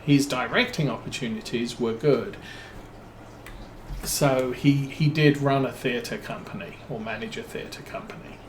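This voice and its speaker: A man tells a meandering story while he plays, trailing off into fillers and restarting his sentences. He talks slowly, and his voice echoes in a roomy space over a faint hum. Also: mid-range voice. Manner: rambling, hesitant, many fillers and restarts. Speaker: streamer. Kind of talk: casual storytelling while playing a farming game.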